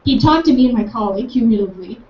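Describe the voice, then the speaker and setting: A woman's voice: fairly high pitch, very fast. A young adult woman telling a personal story with enthusiasm, acting out both sides of a conversation. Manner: enthusiastic, animated, acts out both sides of the dialogue. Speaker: speaker recounting a campus conversation. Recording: echoey, distant, dull room sound with faint noise.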